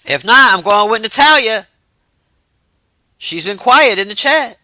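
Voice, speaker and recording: A woman's voice: fairly high pitch, animated, measured pace, sharp tone, no echo. A woman hosting a livestream, chatting loosely and reacting to messages from her chat. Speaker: livestream host.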